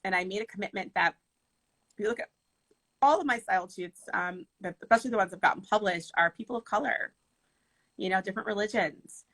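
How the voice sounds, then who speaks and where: A woman wedding planner chatting casually in an interview, animated and laughing as she tells stories. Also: mid-range voice, brisk, poor audio. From Michigan.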